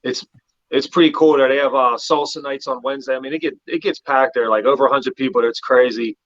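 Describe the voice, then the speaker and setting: A man's voice: mid-range voice, brisk, dry recording. Laid-back man from Pittsburgh, slightly muffled. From Pittsburgh area. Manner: relaxed, rambling, drops "man" often. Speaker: podcast guest. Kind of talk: casual chat.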